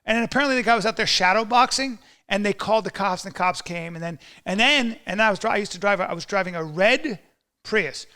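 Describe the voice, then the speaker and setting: A man, a comedian guest on a podcast, telling animated stories in a boastful, excitable way and swearing often. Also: high voice, quick pace. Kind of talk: animated storytelling chat.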